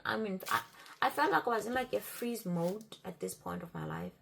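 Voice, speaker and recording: A woman telling an animated, exasperated storytime on her vlog. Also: mid-range voice, normal speed, gravelly. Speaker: vlogger.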